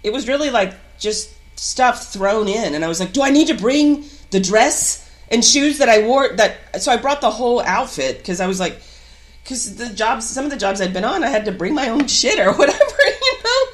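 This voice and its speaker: A woman actor telling a story in a casual podcast chat, animated and laughing between bursts of excitement. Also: fairly high pitch, moderate pace. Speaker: guest actor.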